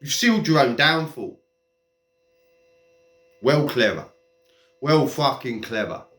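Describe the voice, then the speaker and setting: A man's voice: medium pitch, expressive, takes it slowly, fairly bright tone. A man delivering a heated, profane, mocking rant straight to camera. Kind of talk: ranting monologue. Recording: echoey room.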